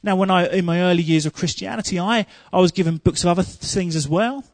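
A man preaching a sermon, telling humorous stories and growing loud and emphatic. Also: high-pitched, quick pace, no room sound.

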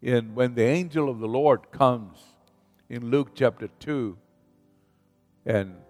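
A man preaching a sermon as pastor, slow and emphatic, leading the congregation in call-and-response and rising in volume on scripture. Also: mid-range voice, a little mellow. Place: church sanctuary. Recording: reverberant hall with faint music.

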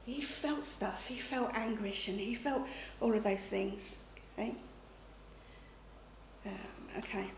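A woman's voice: medium pitch, takes it slowly. A middle-aged woman giving a conversational sermon, often checking in with her listeners. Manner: chatty, checks in with listeners with "okay?" and "you know". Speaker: preacher. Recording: echoey room, faint background noise.

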